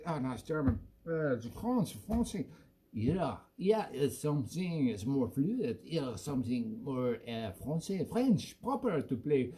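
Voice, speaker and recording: A man's voice: mid-range voice, big pitch swings, a little slow, mellow. A man hosting a casual home music live stream, chatting in a jokey, self-deprecating way. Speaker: musician host.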